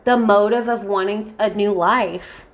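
A woman co-hosting a true crime podcast, telling the case in a blunt, profane, deadpan way. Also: medium pitch, measured pace. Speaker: podcast co-host. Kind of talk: casual true crime chat.

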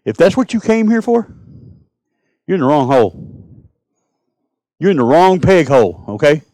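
A man preaching a sermon as pastor, climbing to loud passionate cries and then dropping to a soft, hushed plea. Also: fairly high pitch, big pitch swings, moderate pace, no echo, low-quality recording.

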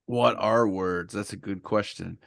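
A man's voice: lowish voice, steady tone, unhurried, creaky, fairly bright tone, no room sound, studio quality. A man co-hosting a casual podcast, playful and joking with asides. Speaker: podcast co-host. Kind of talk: casual chat.

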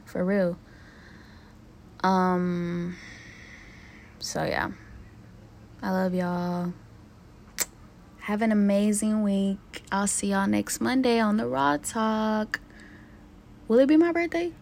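A young woman talks straight to her listeners in a raw, profane solo podcast vent. Her voice sits at an ordinary middle pitch for a woman, and her talk is loose and conversational. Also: steady tone, drawn-out words, vocal fry, pauses often, darkish tone, slight background noise. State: emotionally hurt, near tears. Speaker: podcast host. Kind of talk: casual solo podcast venting.

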